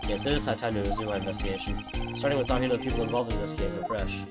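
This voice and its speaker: A man voicing a composed, formal male prosecutor in a lowered, measured voice. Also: lightly acted. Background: game music.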